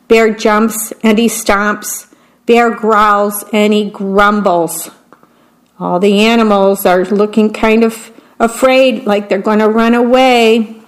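A woman reading picture books aloud, gently describing the pictures between the verses. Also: mid-range voice, low-quality recording. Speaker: storybook reader.

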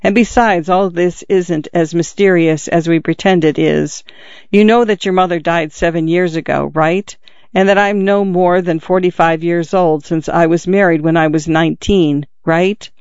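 A man's voice: a little high, steady tone, moderate pace, smooth, no room sound, highs cut off, close to an everyday voice. A man voicing a wounded, dying middle-aged father who speaks earnestly and urgently to his son while out of breath. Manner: urgent, confiding, pleading. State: in pain, out of breath.

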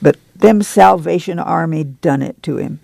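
A reader voicing a fierce, bitter poor woman who speaks hoarsely and indignantly in a rural drawl. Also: medium pitch, measured pace, dark tone, dry recording.

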